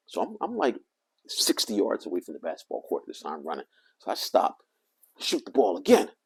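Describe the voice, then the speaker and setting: A man vlogging, telling a rambling personal story in an animated way, swinging from loud to hushed. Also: fairly low pitch, a little fast, gravelly, slightly rough.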